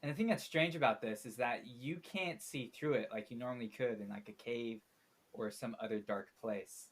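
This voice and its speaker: A man's voice: medium pitch, moderate pace, slightly rough. A man narrating as game master in a tabletop role-playing podcast, laid-back and chatty. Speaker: dungeon master.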